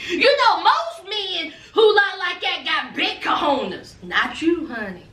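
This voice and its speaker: A very high, sharply bright woman's voice delivering sassy, teasing gossip about a reality show. She talks playfully and freely, like a regular host. The sound is echoey, with her some distance from the mic. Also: very animated, slow pace. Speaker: reality TV reviewer. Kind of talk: casual gossip commentary.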